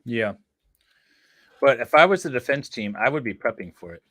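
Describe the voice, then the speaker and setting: A man hosts a livestream and chats casually with his co-host about a court case, keeping an easygoing conversational flow. His voice sits at an ordinary mid pitch. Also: expressive, moderate pace, fairly bright tone. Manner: chatty, thanks viewers. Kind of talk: casual commentary chat.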